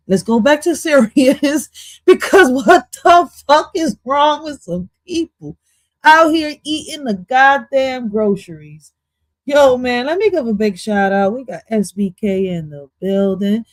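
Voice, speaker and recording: A woman's voice: on the high side, a little mellow, dry recording. A woman reacting to a podcast clip on her stream, goofy and swearing, slipping into now and then. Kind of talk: casual reaction commentary.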